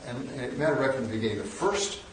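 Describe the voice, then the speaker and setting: A man's voice: mid-range voice, lively intonation, fast, slight background noise. A man in his sixties telling wry, self-deprecating anecdotes as a guest lecturer, with frequent restarts. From northern United States. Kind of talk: storytelling lecture. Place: large lecture hall. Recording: echoey hall, mic at a distance.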